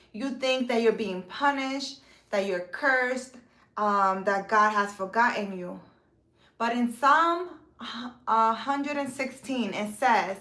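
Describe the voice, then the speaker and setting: A woman's voice: on the high side, a bit bright, reverberant. A woman talking casually to her viewers about faith, filling her speech with "you know" and "um" and correcting herself as she goes. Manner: conversational, with many fillers and self-corrections. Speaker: spiritual vlogger. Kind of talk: casual spiritual talk to camera.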